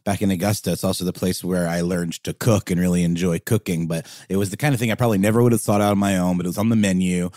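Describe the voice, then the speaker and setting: A man co-hosting a podcast, talking in a rambling, jokey, animated way. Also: deep voice, quick pace, few pauses, no echo, studio quality. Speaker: podcast co-host. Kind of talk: casual chat.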